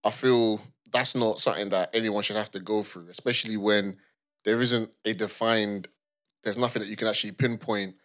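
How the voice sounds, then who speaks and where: A man's voice: on the low side, a bit bright. A man co-hosting a casual podcast, reflecting and explaining points through acted-out example exchanges. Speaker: podcast co-host.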